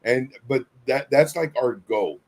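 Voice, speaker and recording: A man's voice: mid-range voice, expressive, a little slow, a little mellow. A man co-hosting a casual live stream, telling stories earnestly with many fillers and restarts. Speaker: co-host.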